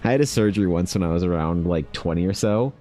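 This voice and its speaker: A man's voice: sits low, fast talker, mellow, soft background music. A man in his thirties, an artist chatting casually with viewers while drawing, laid-back and rambling, laughing often and calling people dude. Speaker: artist livestreaming.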